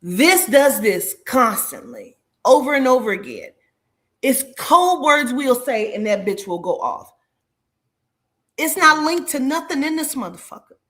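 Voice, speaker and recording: A woman telling a story in casual chat, animated and profane, acting out the dialogue. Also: high-pitched, a little slow. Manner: animated, profane, acts out dialogue in shifting voices.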